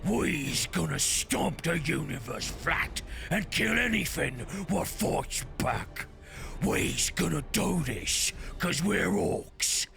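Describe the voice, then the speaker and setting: A man voicing a brutish, boastful male orc warlord, giving a slow, rough war speech. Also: a little high, sing-song, sharp tone, exaggerated voice. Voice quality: gravelly, rough orc growl. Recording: music playing behind the voice.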